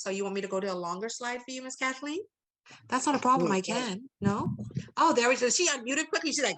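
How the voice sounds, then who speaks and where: A woman leading an online training call, animated and playful, teasing participants by acting out what they might be thinking. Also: medium pitch, fast talker, rough recording. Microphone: video call.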